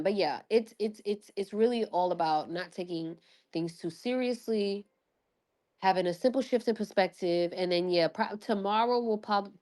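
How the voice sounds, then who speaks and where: A woman hosting a casual livestream, excitable and rambling, swearing freely and laughing often, with many restarts. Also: mid-range voice. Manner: rambling with frequent restarts and fillers. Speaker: livestream host.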